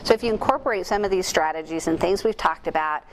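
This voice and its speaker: A middle-aged woman speaking at a conference, telling a personal story in a candid, self-deprecating, animated way. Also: on the low side, fast, a little hiss or hum. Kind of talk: storytelling keynote talk. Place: conference room.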